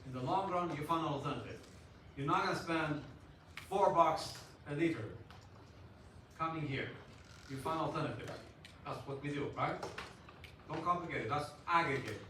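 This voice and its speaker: A male lecturer gives an animated class, with a slightly high and very lively voice. His tone is bright and forceful. The sound bounces around a big echoey hall, and he is far from the mic, with faint noise behind. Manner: animated, asks the class questions, jokes. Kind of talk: university economics lecture.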